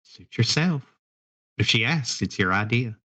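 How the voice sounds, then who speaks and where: Sassy fey gal with a hushed offhand voice, a guy putting her on, mid pitch. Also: lively intonation, a little slow, breathy edge, no echo, full character voice. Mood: breezy. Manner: whispering, offhand. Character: sassy mischievous female fey companion.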